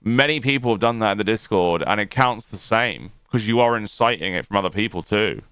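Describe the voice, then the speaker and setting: Low, smooth-voiced man hedging his opinions. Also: a little fast, a bit bright, no room sound, studio quality. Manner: hedging, unsure, with many restarts. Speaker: stream co-host. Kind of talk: casual drama-commentary chat.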